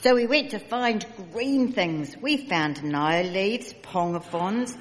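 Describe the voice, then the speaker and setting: A woman reading a children's picture book aloud, expressive and unhurried. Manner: expressive, slow storytelling with lively pitch. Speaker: storyteller. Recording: echoey hall reverb.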